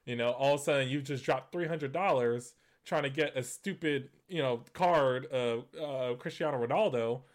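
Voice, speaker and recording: A man hosts a gaming news show in loose, conversational commentary. He talks in a mid-pitched voice, full of fillers and restarts. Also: moderate pace, hardly any pauses. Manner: conversational, many fillers and restarts, laughs at points. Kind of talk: casual commentary.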